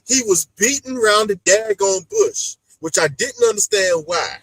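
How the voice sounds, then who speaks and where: A man hosting a casual reality-show recap chat, animated and acting out the people he talks about. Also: high-pitched, moderate pace, no echo, rough recording. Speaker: podcast host.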